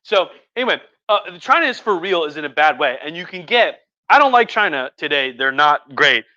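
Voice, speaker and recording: A man's voice: fairly high pitch, sing-song, normal speed, bright, forceful tone, no echo, highs cut off. A man giving a tipsy, rambling history talk on a live stream. He swears a lot and slips into mocking voices. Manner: profane, rambling, with acted mock voices. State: drinking wine. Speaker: history lecturer. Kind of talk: tipsy casual history rant.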